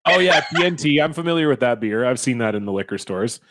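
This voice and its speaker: A man co-hosting a casual comedy podcast, tossing out joking, deadpan asides. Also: mid-range voice, fast, no room sound, clean studio sound. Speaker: podcast co-host.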